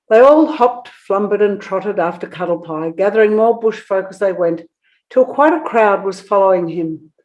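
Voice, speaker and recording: A woman narrating a children's book in an expressive storytelling manner. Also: mid-range voice.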